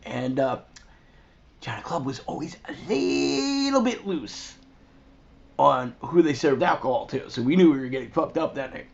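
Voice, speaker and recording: A man hosting and telling a rambling, profane, animated anecdote in a crude comic style. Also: on the high side, normal speed, creaky. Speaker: host. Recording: dull lo-fi recording.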